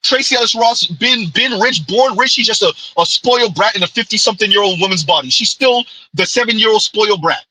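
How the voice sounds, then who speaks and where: A man's voice: sits high, fairly quick, hardly any pauses, bright, forceful tone, no echo, rough recording. A man, giving an opinionated commentary monologue with emphatic call-outs and rhetorical asides. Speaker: commentary vlogger.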